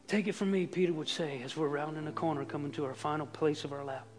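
High-voiced preacher in a reverberant hall. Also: male voice, level tone, fast talker, faint music behind. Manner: swings from hushed to shouted emphasis. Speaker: pastor. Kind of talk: sermon. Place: church sanctuary.

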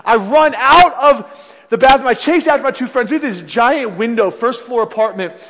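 High-voiced male pastor in a reverberant hall. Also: normal speed, background noise. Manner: animated storytelling with frequent restarts. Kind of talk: sermon. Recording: long reverb of a large hall.

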